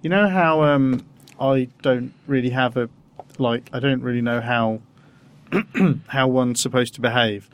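A man hosting a casual podcast, rambling with halting restarts and self-deprecating asides. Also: medium pitch, muffled recording, a little hiss or hum. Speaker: podcast host.

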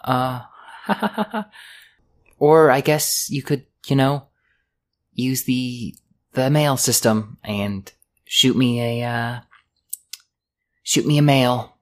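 A man's voice: mid-range voice, very slow, long pauses, pitched above the performer's own voice. Man putting on a chirpy young dock-worker woman. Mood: bashful. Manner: chatty and bashful, with fillers.

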